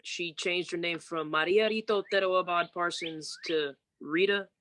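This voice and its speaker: A woman's voice: lowish voice, moderate pace, a bit bright, no echo. A woman guest musician chatting casually on a podcast, telling candid, loose stories and mimicking people.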